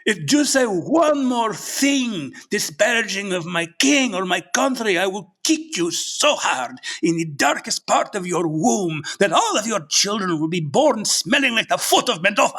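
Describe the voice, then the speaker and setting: A raspy Castilian Spanish accent for an outraged, pompous ambassador, a renaissance fair clown. The voice climbs high and loud as he hurls indignant threats. The tone is bright, sharp and forceful. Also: very animated, measured pace, hardly any pauses, heavily acted. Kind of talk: renaissance fair character acting.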